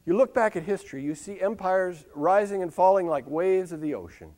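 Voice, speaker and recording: An older man performing a wry, ironic comic monologue on a live stage, delivered like a newscast with dramatic pauses and long lists. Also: high-pitched, lively intonation, mellow. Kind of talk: comic spoken-word monologue with news-style delivery.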